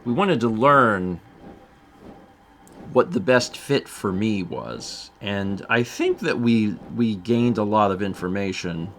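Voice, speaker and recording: A man's voice: lowish voice, expressive, takes it slowly, a bit bright, a little hiss or hum. A man chatting casually on a game stream, rambling and amused, with frequent fillers and asides.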